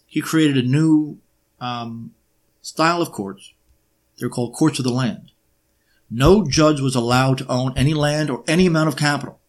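A man giving a lecture-style monologue, often pausing on fillers and throwing in sarcastic rhetorical questions. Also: mid-range voice. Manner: frequent filler hesitations.

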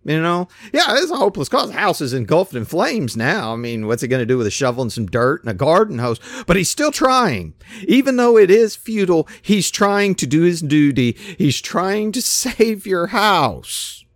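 A man's voice: high-pitched, sing-song, normal speed, no echo. A man preaching a casual, folksy sermon who acts out the voices in his stories.

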